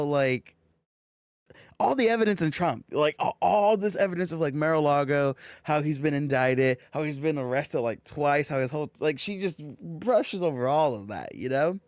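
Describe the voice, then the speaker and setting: A man's voice: fairly high pitch, moderate pace, smooth, no room sound, clean studio sound. A young man from California co-hosting a podcast, telling a long story in casual chat with lots of swearing and quoted exchanges. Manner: swearing, animated storytelling with quoted back-and-forth. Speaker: podcast co-host.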